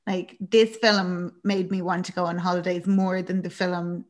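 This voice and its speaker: A woman's voice: on the low side, a little slow. A young woman chatting casually as a podcast co-host, telling a film's story with lots of laughs and acted-out lines. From Ireland. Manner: chatty and animated, laughing often, acting out characters' lines. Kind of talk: casual chat recapping a film.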